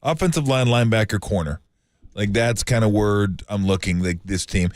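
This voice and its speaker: Deeper voiced dude on sports radio, rambly and casual, dry studio mic. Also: male voice, steady tone, moderate pace, dry recording. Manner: loose, filler-heavy, conversational. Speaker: radio sports talk co-host. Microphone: studio microphone.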